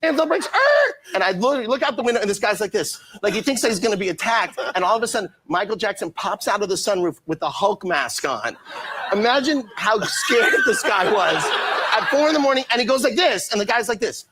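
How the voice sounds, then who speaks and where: A high, lively male voice that rushes through an anecdote. He laughs as he talks and throws himself into the voices of his characters. His pitch swings widely. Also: very noisy. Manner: laughing storyteller, acts out voices. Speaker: talk show guest. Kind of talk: animated anecdote telling.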